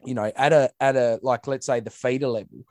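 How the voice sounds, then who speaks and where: A man's voice: medium pitch, fairly even intonation, a little fast, darkish tone, no room sound, studio quality. An Australian man in casual podcast chat, ranting bluntly with swearing and mimicking others. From Western Australia.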